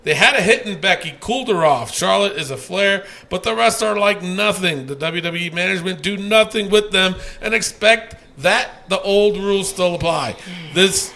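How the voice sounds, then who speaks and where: Loud cussing podcast guy, high bouncy voice, kinda gravelly. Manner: loud, profane, laughing, reads listener comments. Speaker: podcast host. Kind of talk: casual podcast chat.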